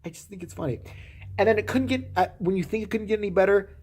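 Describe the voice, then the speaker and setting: A woman's voice: mid-range voice, fast talker, darkish tone, husky. A woman vlogger giving profane, sarcastic commentary with frequent swearing. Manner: sarcastic, swearing, laughing asides.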